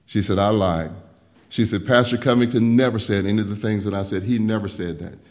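An older man preaching a sermon, telling personal stories, dropping soft and low for quoted talk and rising loud when he preaches. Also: steady tone, fast talker. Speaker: pastor.

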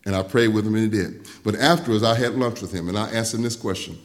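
Speaking fast, this older pastor weaves personal stories into his sermon, going quiet and low for quoted talk and growing loud as he preaches.

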